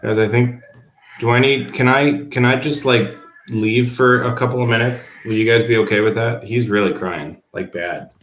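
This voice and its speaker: A man's voice: mid-range voice, steady tone, moderate pace, a bit bright. A male teacher on a casual livestream at home, reading viewer comments aloud and answering them offhandedly. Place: at home, below the baby's room. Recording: roomy echo.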